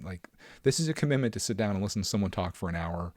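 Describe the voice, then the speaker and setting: Man, low-ish voice, casual solo podcast host, rambling, filler-heavy, dry close mic. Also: animated, fast talker, darkish tone, no room sound.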